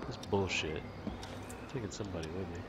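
A man's voice: low-pitched, moderate pace, heavy background noise. A man hosting a let's play, chatting and joking to himself while he explores a game. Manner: chatty, musing aloud, joking. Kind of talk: casual gameplay commentary.

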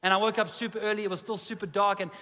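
A man's voice: high-pitched, rapid-fire. A man in his forties with a South African accent, preaching a sermon as a pastor, mixing jokes and self-deprecating stories into his message. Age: 40s. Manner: humorous, self-deprecating storytelling, lively. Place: large church auditorium. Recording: long reverb of a big hall.

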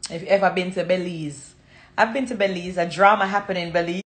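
A woman's voice: fairly low pitch, fairly even intonation, brisk, fairly bright tone, roomy sound. A Jamaican woman hosting a casual livestream chat, talking freely and slipping into patois. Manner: chatty, slips into patois. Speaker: livestream host.

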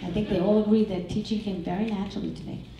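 A middle-aged woman performing a stand-up comedy set, crude and brash with a deadpan, self-mocking delivery. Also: medium pitch, fast, dull audio, a crowd in the background. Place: comedy club stage. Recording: echoey club recorded from far off.

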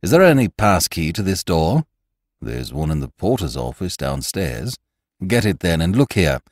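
A man voicing a brisk middle-aged doctor who speaks quickly and with urgency. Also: deep voice, sing-song, no echo, clean studio sound.

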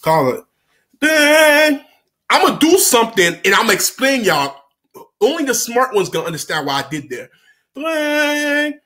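Speaking a little fast in a high-pitched voice, a man rambles through a story to camera. His delivery is casual and lively, full of slang, repetition, and frequent laughter.

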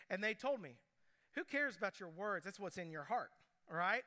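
A young man preaching a sermon, telling stories with asides and quick quoted voices. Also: high-pitched, bright, forceful tone. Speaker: pastor.

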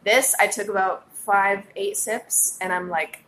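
A woman guest in casual chat, blunt and animated, swearing freely as she tells stories. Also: medium pitch, measured pace, a little hiss or hum. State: buzzing on caffeine. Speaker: podcast guest. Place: New York.

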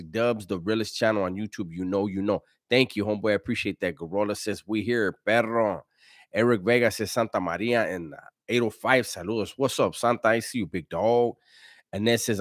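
Laid-back low-voiced man reading chat. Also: a bit bright, dry recording, clean studio sound. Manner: laid-back, slangy, chuckling often. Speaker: live-stream host. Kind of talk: casual live-stream chat, reading viewer comments aloud.

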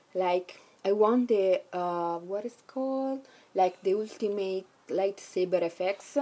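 A young woman, gushing excitedly as she shows off her purchases in a casual haul vlog and swearing freely. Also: mid-range voice. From Italy. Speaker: vlogger.

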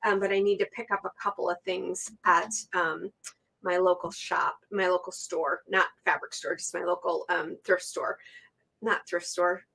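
This channel host teaches quilting casually from her sewing table, chatting with many ums and self-corrections. Her fairly low voice is creaky, flat, and fairly bright, at normal speed, in a dry recording.

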